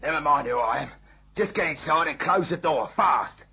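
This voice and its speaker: An actor playing a menacing armed robber with a Cockney accent, in a vintage radio drama. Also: male voice, a little high, animated, normal speed, creaky, noisy background. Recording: dull lo-fi old radio recording.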